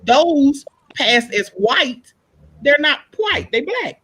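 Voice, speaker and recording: A woman in a casual panel discussion, telling stories in an animated way and acting out the people she quotes. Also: high-pitched, slow, rough recording. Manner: animated storyteller, acts out quoted voices. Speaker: panel guest.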